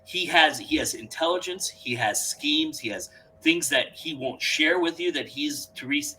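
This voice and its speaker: A man in casual conversation, excitedly telling stories and often repeating words as he goes. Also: a little high, unhurried, faint music behind, low-quality recording. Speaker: podcast co-host or guest. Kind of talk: casual chat.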